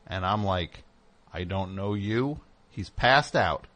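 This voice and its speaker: A middle-aged man hosting a show, telling a casual story and acting out the people in it with sudden loud outbursts. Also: low voice, slow. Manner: animated, acts out voices with loud outbursts. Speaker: host.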